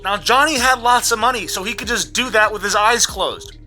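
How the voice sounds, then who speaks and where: Vlogger ranting, very bright piercing voice, swearing, going hoarse, faint music behind. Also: mid-range voice, moderate pace. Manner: ranting, swears a lot, repeats words when worked up. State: losing their voice. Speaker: vlogger recapping a trial. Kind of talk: angry profane rant.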